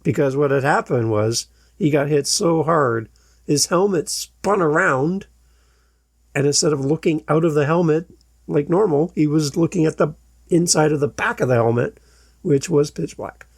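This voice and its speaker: Man, podcast host, husky, slightly high voice, lively storytelling, dry sound. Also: moderate pace, no echo. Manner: animated storyteller, acts out quoted shouts. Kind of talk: storytelling monologue.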